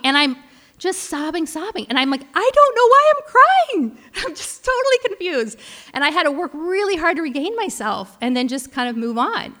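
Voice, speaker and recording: A woman's voice: sits high, a bit bright, long reverb tail. A woman pastor giving a heartfelt sermon, telling a personal story with frequent restarts. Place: large church hall.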